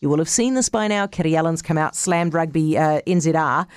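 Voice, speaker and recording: Kiwi lady news host, low voice, talks super fast, dry studio sound. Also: a little mellow, clear, resonant tone, dry recording. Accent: New Zealand. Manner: brisk, chatty, direct. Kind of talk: live news interview.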